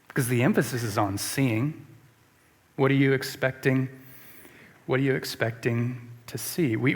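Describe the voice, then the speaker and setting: A man preaching a sermon as a pastor, emphatic and repeating rhetorical questions to the congregation. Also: mid-range voice. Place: church sanctuary. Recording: long church reverb.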